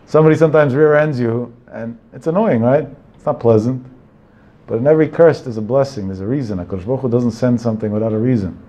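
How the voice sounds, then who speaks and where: A man's voice: medium pitch, quick pace, dark tone, dull audio. Man giving a rambling storytelling talk. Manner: digressive, anecdotal, sprinkled with Hebrew terms.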